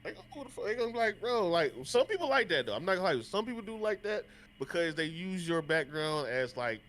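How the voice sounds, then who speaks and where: A man's voice: sits high, very animated, fast talker, fairly bright tone, slight background noise. A man with a stuffed-up, nasal voice, a podcast guest talking bluntly and emphatically, swearing casually. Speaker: podcast guest, content creator.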